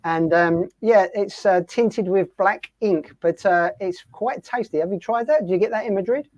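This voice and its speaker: A man hosting a radio show, asking a guest questions in an easygoing, halting way. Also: high voice, a little mellow, no echo. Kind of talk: casual interview chat. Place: home on the coast in southern Spain. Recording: dry, dull lo-fi sound.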